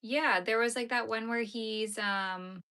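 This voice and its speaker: A woman's voice: a little high, steady tone, takes it slowly, sharp tone, clean tone. A young woman streaming live as she crochets, chatting with her viewers and getting tearful over sad dog movies. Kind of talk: casual live-stream chat while crocheting.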